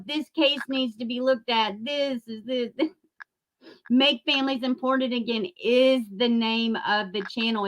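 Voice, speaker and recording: A woman rants on her livestream in a high voice. She swears often and turns sarcastic and furious, then talks straight to people in her chat. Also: a bit bright. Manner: angry, profane, sarcastic; addresses chat viewers by name. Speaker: YouTube channel host. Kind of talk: livestream rant.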